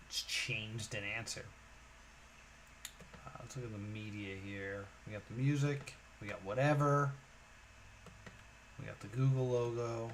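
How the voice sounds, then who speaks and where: A man's voice: fairly low pitch, background noise. A man streaming a puzzle game, thinking aloud in a musing, hesitant way with many fillers.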